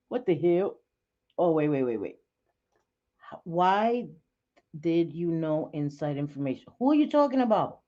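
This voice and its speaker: Woman ranting on her livestream, lowish voice, kinda muffled lo-fi sound, blunt and swears a lot. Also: a little slow, pauses often. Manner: blunt, profane, excitable, laughs often. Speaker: livestream host. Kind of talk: casual livestream chat.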